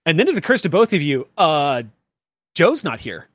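Bright-voiced male game master. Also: fairly high pitch, very animated, no echo. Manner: measured, explaining rules and scene. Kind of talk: narrating a tabletop game.

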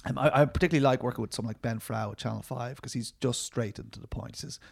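A man's voice: mid-range voice, very fast, gravelly. A middle-aged man, a documentary filmmaker, answering interview questions in a rambling, self-deprecating way, full of restarts and fillers.

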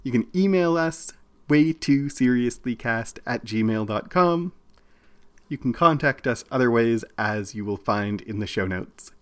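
A man co-hosting a casual podcast, arguing his views in quick bursts with frequent restarts. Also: medium pitch, lively intonation, clear, resonant tone. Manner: opinionated, talks in bursts with restarts. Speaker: podcast co-host.

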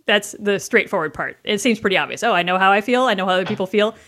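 A woman on a podcast talks fast in casual conversation. She explains her ideas and keeps asking rhetorical questions. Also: medium pitch, a bit bright. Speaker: podcast guest, leadership educator.

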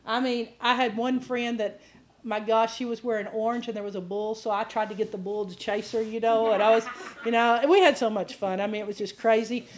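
Lady preacher, high voice, lively storytelling sermon, laughs a lot, does the voices. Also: brisk. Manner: animated, laughing, acts out quoted voices.

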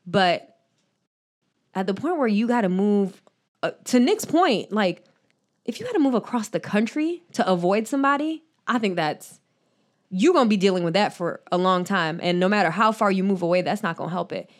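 A woman's voice: medium pitch, expressive, moderate pace. Candid woman podcast co-host. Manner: candid, laughing, swears freely. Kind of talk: casual podcast chat.

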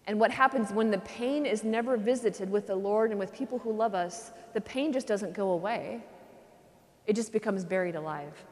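A religious sister giving a conversational retreat talk, often checking in with "okay?" and dropping to a soft hush when she voices prayers. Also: mid-range voice. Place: large cathedral. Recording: long cathedral reverb.

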